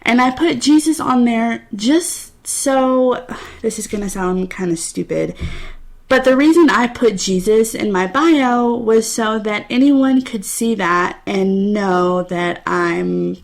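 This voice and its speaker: A woman's voice: on the high side, slow pace, creaky. A young woman in her twenties hosting her own podcast, telling personal stories in a candid, chatty way. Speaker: podcast host. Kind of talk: casual solo podcast talk.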